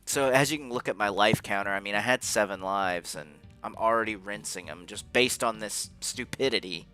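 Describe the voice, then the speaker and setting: With faint game music in the background, a man gives rambling, casual commentary on footage of his own play. His voice is on the low side, pushed and bright, at a moderate pace, and he's frustrated and swears often.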